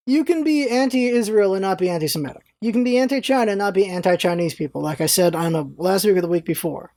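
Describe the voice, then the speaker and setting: A woman ranting in a casual vlog, animated and exasperated, laughing often and swearing freely. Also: fairly high pitch, dry recording, clean studio sound. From United States. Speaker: vlogger, show host.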